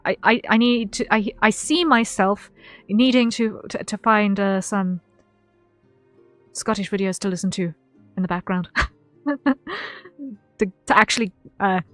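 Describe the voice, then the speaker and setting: A woman's voice: mid-range voice, steady tone, a little slow, long pauses, fairly bright tone, dry recording. Rambling woman streamer chatting. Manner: rambling, repeats words, many ums. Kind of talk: casual chat with viewers. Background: faint background music.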